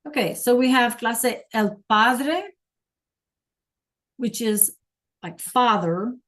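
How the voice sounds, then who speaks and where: A woman's voice: a little high, slow, a bit bright. A woman teaching a Spanish class online over a video call, patient and checking in with students often.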